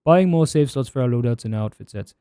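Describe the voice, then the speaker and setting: A man doing a deep, grumbling commentator impression. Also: expressive, fast, warm tone, smooth, no echo, studio quality, natural voice. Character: impression of a male commentator, low and gruff.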